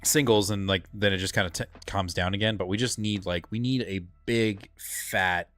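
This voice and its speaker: A man co-hosting a live comic book show, talking in a rambling, excitable way with lots of filler words and casual swearing. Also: fairly low pitch, moderate pace, no echo, soft background music. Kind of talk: casual live-stream chat.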